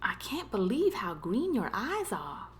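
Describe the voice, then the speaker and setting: A woman's voice: on the high side, big pitch swings, unhurried, fairly bright tone, slight background noise. A woman voicing a cheerful, adventurous young man in an audiobook reading. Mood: tender. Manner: playful, laughing.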